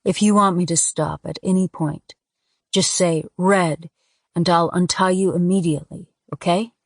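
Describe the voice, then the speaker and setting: A woman voicing a calm, assured woman who stays in control, speaking softly and reassuringly. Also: lowish voice, moderate pace, dry recording, clean studio sound. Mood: gentle.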